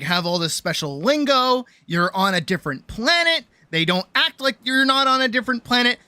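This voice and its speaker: A young adult woman streamer telling a story in a casual, animated rant, swearing often and full of fillers. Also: a little high, no room sound.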